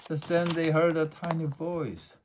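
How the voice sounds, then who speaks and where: A man's voice: on the high side, little pitch movement, a little slow, a little mellow, a little hiss or hum. A man reading a children's storybook aloud as the narrator, in a plain reading style with small slips. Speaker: storybook reader.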